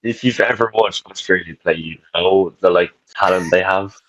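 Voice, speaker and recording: Deep-voiced man on a dull lo-fi mic. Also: normal speed, a bit bright. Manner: laid-back, hesitant. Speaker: podcast co-host. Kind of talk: casual chat.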